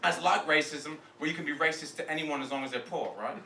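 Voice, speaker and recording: A man's voice: on the high side, quick pace, close to an everyday voice. A man playing William Shakespeare as a swaggering London roadman with put-on street slang, performing a roast on a comedy club stage. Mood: brash. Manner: loud, swaggering, rambling asides. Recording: echoey club from a distance, noisy.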